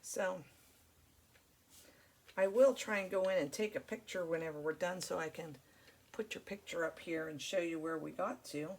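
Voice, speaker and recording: A chatty woman hosts a crafting vlog, talking casually as she crafts. Her voice is on the low side and darkish, at normal speed with long pauses. She rambles in a friendly way, using lots of fillers.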